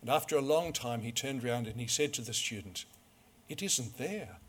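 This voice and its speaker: A man preaching a sermon, measured and storytelling, full of rhetorical questions. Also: mid-range voice, very noisy.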